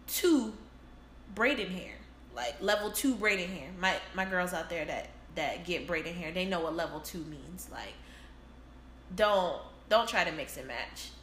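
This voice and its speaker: Bright-voiced woman chatting in an echoey room. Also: medium pitch. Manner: chatty, laughs often, advice-giving. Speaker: co-host. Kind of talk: casual chat. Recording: echoey room with faint noise.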